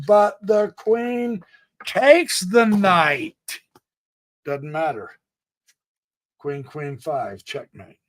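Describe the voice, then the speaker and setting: A man hosting a live chess stream, chatty and excitable, calling out moves as he plays them and thinking aloud, a bit sneezy today. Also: on the high side. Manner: chatty, excitable, exclamations and laughs. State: sneezy, stuffed up. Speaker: chess livestream host.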